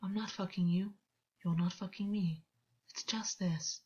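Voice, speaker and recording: Lady doing a hushed fey king guy, whispered role-play, scolds low, kinda muffled recording. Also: steady tone, a little slow, slightly rough. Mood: hushed scolding. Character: stern worried male fey king.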